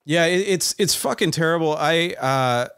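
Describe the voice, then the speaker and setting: A man's voice: fairly high pitch, expressive, moderate pace, fairly bright tone, clean tone, no room sound, studio quality. Rambling man telling a story. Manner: rambling, lots of "like" and "you know", swears freely. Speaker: podcast host. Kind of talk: casual storytelling chat.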